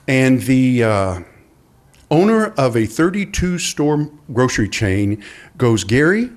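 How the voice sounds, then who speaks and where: A middle-aged man recounts a personal story in a storytelling style. His pitch leaps and dips as he acts out the people he quotes, which keeps the telling lively. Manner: animated, acts out quoted voices. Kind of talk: live storytelling.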